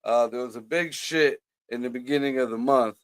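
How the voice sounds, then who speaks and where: A man's voice: medium pitch, moderate pace, clean tone, no room sound. A man co-hosting a casual podcast chat, blunt and profane, laughing often. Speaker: podcast co-host.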